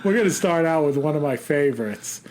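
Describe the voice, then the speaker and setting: A man co-hosting a podcast in casual chat, excitable and quick to laugh. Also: fairly high pitch, a crowd in the background. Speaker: podcast co-host.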